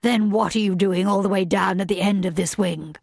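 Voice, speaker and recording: A woman's voice: mid-range voice, fairly even intonation, moderate pace, creaky, a little mellow, dry recording, clean studio sound. A woman voicing a stern, indignant master of the house who questions sharply in an audiobook.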